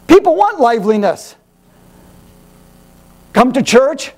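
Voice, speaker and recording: A male pastor preaching a sermon in an animated, rhetorical way, firing questions at the congregation. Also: very high voice, normal speed.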